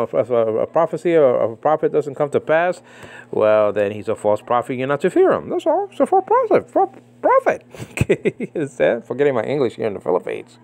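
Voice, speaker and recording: A man giving casual spoken commentary on a religious debate, animated and mocking, with many fillers and repeated phrases. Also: mid-range voice, creaky. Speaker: Bible commentator. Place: living in the Philippines.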